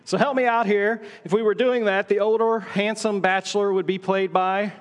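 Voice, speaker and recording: A middle-aged male pastor preaching a sermon in a church auditorium, telling the story with dramatic pauses and hushed asides. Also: sits high, steady tone. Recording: long hall reverb.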